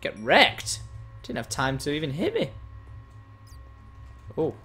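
A man's voice: on the high side, huge pitch swings, slow, bright, forceful tone, slightly rough. A young man hosting a gaming channel, chatting casually and teasingly while he plays, now and then frustrated. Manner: playful, teasing, swings between chatty and frustrated. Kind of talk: casual gameplay commentary.

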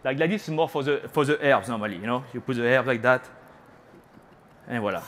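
This chef from France, French accent and all, chats through a live cooking demonstration on a trade show stage while teasing onlookers and slipping into French. His mid-range voice is a little fast and a bit bright, with slight background noise.

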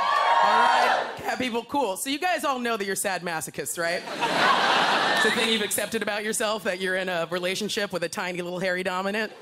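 A woman doing a stand-up comedy set on a club stage, talking to the crowd with quick asides and playful put-on voices. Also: mid-range voice. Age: older than her twenties. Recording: live club set over loud crowd laughter. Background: loud audience laughter and noise.

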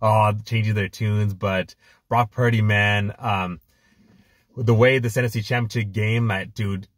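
A man co-hosting a fan podcast, talking in an excited, rambling way with lots of filler words. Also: mid-range voice, no room sound, studio quality. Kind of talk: casual chat.

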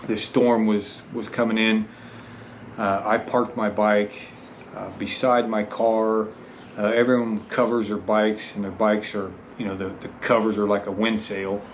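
Halting, self-deprecating storytelling man. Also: on the low side, flat delivery, slight background noise, low-quality recording. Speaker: motorcycle rally rider telling his story. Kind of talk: casual storytelling vlog.

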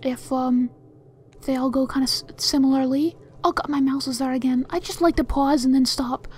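A woman hosting a let's play, giving casual gameplay commentary with jumpy, excitable reactions, lots of restarts and occasional soft whispers. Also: high-pitched, normal speed, a little hiss or hum.

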